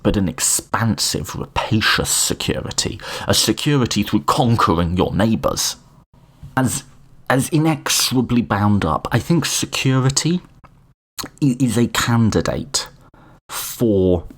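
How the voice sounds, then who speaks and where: Guy explaining philosophy on a podcast, kinda husky, voice jumps around a lot, keeps restarting. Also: fairly low pitch. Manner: animated and informal, frequent restarts and asides. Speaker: podcast host. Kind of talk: casual lecture on political philosophy.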